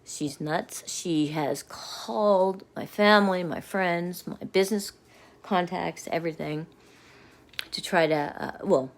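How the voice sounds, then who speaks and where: A woman's voice: lowish voice, slow pace. A middle-aged woman venting angrily to her viewers in a rambling rant, often dropping to a muttered whisper. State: angry. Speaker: vlogger. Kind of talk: angry personal rant to viewers.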